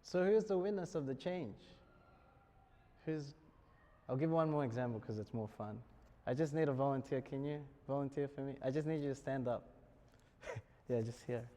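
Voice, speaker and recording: A man's voice: medium pitch, normal speed, dark tone. A man with an Australian accent giving a lecture to students, joking and chuckling often as he talks. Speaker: spiritual speaker. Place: university lecture hall. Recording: long hall reverb.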